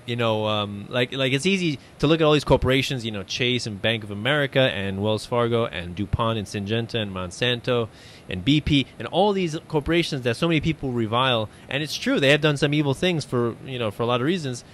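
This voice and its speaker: A young adult man hosting a relaxed interview, talking in a rambling way with lots of fillers and restarts. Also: medium pitch, fairly quick, a little hiss or hum. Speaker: podcast host. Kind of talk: casual conversational interview.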